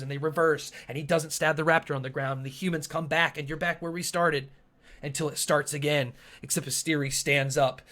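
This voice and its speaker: A man's voice: fairly high pitch, bright, forceful tone. A man running a tabletop game as game master, narrating the action vividly and with animation.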